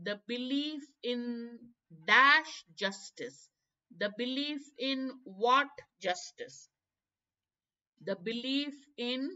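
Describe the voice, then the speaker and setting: A woman with an Indian English accent leads a live exam-prep lesson, dropping in Hindi asides as she works through each question. Her voice is bright and slightly high. The stream sound is dull and lo-fi. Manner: explains step by step, code-switching into Hindi. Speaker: teacher.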